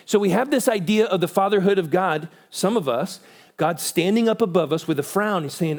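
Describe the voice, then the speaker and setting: A man giving a church conference talk, animated, acting out quoted voices with big pitch jumps. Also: brisk. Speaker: conference speaker.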